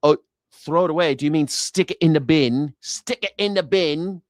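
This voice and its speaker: A smug British bloke drawls his words out slowly in a mock accent, as a man puts him on. He sounds teasing and sits a little above his usual pitch. The sound is dry. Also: no echo, close to an everyday voice. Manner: slow, drawn-out teasing.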